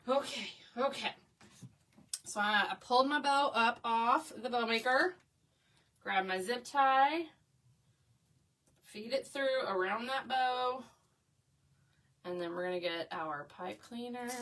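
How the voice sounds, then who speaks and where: A woman's voice: on the high side, a bit bright, recorded from a distance. A woman teaching a craft live, bubbly and chatty as she talks with her viewers. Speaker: craft instructor. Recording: voice a bit away from the mic.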